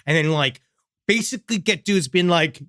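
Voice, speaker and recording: Male comedy podcast co-host, higher voice, excitable riffer, dry studio sound. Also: moderate pace, dry recording. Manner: excitable, riffing, jokey. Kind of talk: casual comedy podcast chat.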